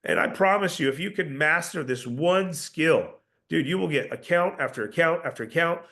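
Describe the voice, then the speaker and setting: A man's voice: fairly high pitch, normal speed, a bit bright. A man coaching door-to-door salespeople, emphatic and confident, often repeating words as he starts a sentence. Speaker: sales trainer.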